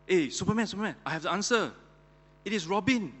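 A man voicing a bumbling male superhero in a joke, talking in a hurried, eager way. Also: mid-range voice, big-room sound, lightly acted. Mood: triumphant. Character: puzzled, then triumphant male superhero.

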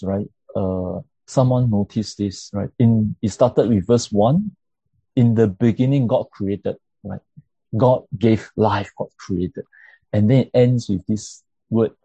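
Gravelly, dark-voiced man teaching a class. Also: lowish voice, dry recording. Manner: checks in often with tag questions like "right?"; halting, with many fillers and repeated words. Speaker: church teacher on grief and pastoral care. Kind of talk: interactive lecture with slides. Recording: dull lo-fi recording.

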